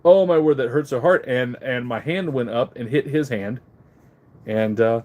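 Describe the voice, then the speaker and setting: A middle-aged man hosts a live online auction stream on a handheld phone camera, chatting casually, reading viewer comments, and greeting people by name. His mouth is a bit numb after dental work, and his mid-range voice is fairly quick and a little mellow.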